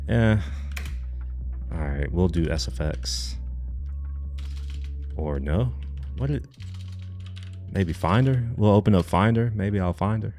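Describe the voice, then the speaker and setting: A man's voice: low voice, takes it slowly, pauses often, mellow. A young man chatting casually on a live stream, rambling and joking, with casual swearing.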